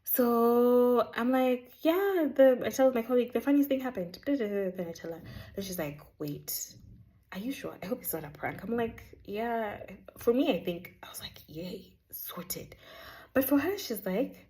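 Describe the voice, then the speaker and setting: Chatty woman with a warm voice. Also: on the high side, brisk. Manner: chatty, animated, sprinkles in Swahili words. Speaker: vlogger sharing a faith testimony. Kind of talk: casual storytelling.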